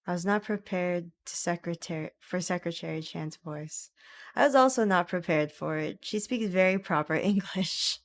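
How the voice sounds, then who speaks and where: A young woman streamer commenting on a story game with animated, giggly, dramatic reactions. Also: lowish voice, normal speed.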